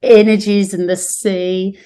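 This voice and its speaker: A woman's voice: mid-range voice, little pitch movement, takes it slowly, dark tone, clear, resonant tone. An Australian woman hosting a spiritual podcast over a video call, speaking in soothing, gushing affirmations. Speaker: podcast host.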